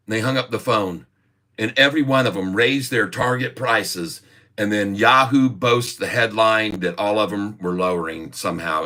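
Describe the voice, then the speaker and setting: A man's voice: on the low side, normal speed, sharp tone. A middle-aged man ranting indignantly in a livestream of stock commentary. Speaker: stock market streamer.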